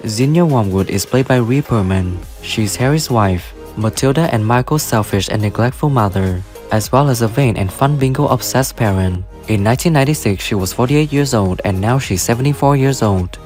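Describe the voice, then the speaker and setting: A man narrating a video in a flat, list-like scripted read. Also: medium pitch, moderate pace, hardly any pauses, faint music behind. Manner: flat, list-like reading of names and ages. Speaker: narrator of a cast then-and-now video.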